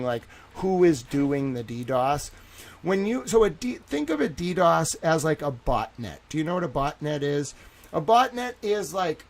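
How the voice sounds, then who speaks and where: A young man hosting a livestream, talking casually and at length, filling his talk with "like" and swinging between loud indignation and quiet asides. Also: mid-range voice, low-quality recording. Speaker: livestream host.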